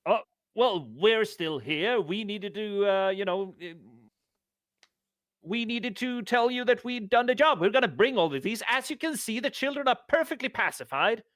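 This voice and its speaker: A man voicing a smooth-talking male adventurer who speaks in a glib, placating, courtly way. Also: high voice, lively intonation, moderate pace, fairly bright tone, no room sound, studio quality.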